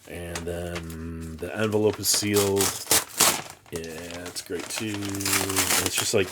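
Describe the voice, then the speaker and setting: In a very noisy recording, a deep-voiced man with fairly even intonation chats casually as he opens a comic delivery. The collector vlogger keeps stopping and restarting, rambling along in an exasperated, self-mocking way.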